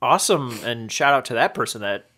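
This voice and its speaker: A man's voice: medium pitch, expressive, a little fast, pushed and bright. Giggly man hosting a snack chat. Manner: giggly, laughs often between words. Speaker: host of a chip tasting show. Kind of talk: casual chat.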